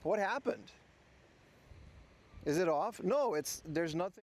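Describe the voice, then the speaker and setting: A man's voice: sits high, expressive, slow, darkish tone. A man from the Netherlands, hosting an IRL livestream outdoors by the ocean and chatting to viewers while fixing his clip-on mic. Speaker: livestream host. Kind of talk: casual IRL livestream talk. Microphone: clip mic on his hat. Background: wind.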